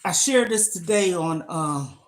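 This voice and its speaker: A woman's voice: fairly low pitch, lively intonation, a little slow. An older woman chatting casually on a live stream while she exercises, talking in an emphatic, motivational way into a phone. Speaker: lifestyle vlogger.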